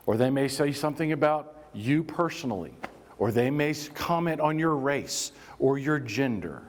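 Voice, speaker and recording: A man's voice: medium pitch, animated, normal speed. A man leading a workplace safety training session, talking conversationally and drawing the audience in with prompts and acted-out examples. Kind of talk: live training workshop talk. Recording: reverberant hall sound.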